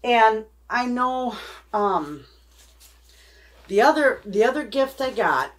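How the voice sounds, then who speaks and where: A woman's voice: fairly high pitch, lively intonation, takes it slowly. A middle-aged woman hosting a homesteading channel, chatting casually and emotionally to her viewers. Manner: rambling, heartfelt, emotional. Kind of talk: casual chat to camera.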